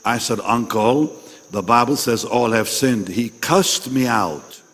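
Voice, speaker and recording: A man's voice: medium pitch, slow pace, fairly bright tone. A man preaching a sermon at a pastors' meeting. He is emphatic, repeats his phrases and questions the audience directly. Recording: long reverb in a large hall.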